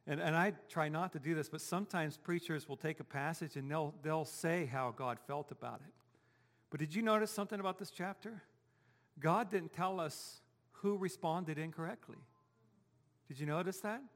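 In a church sanctuary with a big-room sound, a pastor with a fairly high-pitched voice preaches a sermon at a moderate pace. He keeps it conversational and poses rhetorical questions to the congregation.

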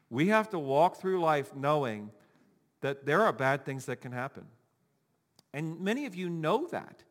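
Male pastor, sermon delivery, animated, slightly high voice, long hall reverb. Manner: animated, acting out quoted voices.

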